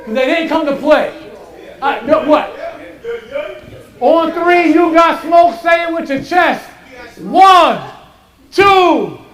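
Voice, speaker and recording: A man hosts a live game show from a stage, pumping up the crowd with lots of energy. His voice sits very high for a man. The sound rings with the echo of the venue. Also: moderate pace, far from the mic. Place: stage with live studio audience. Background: audience.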